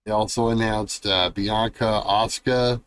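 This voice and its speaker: A man hosting a wrestling podcast in casual chat, laid-back and unhurried as he runs through the news. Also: lowish voice, fairly even intonation, fairly bright tone, clear, resonant tone, dry recording. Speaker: podcast host.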